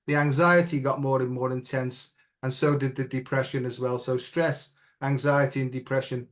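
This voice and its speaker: A man's voice: medium pitch, level tone, moderate pace. A middle-aged man as an interview guest, telling a personal story in an earnest, reflective way and often checking in with "right?".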